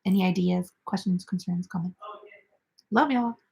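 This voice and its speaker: A woman's voice: on the low side, normal speed, gravelly, mellow, muffled recording. A young woman in casual chat as the host of a crochet livestream, reading viewer comments aloud and answering them.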